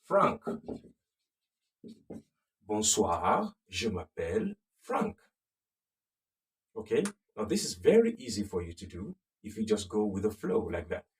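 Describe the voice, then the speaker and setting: A man teaching a recorded beginner French lesson, patiently repeating phrases slowly and checking in with the viewer. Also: on the low side, big pitch swings, distant mic.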